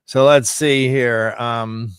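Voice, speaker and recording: A man's voice: mid-range voice, fairly even intonation, takes it slowly, smooth, no echo, clean studio sound. A man hosting a livestream, chatting casually between clips in a loose, rambling, profane way. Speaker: livestream host. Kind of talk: casual chat.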